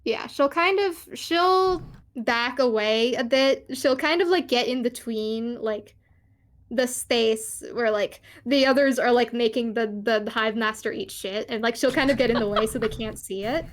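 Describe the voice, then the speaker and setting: A woman's voice: on the high side, measured pace. Giggly, rambling woman playing a tabletop game. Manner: giggly, rambling, swears casually. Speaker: player. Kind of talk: casual tabletop game play.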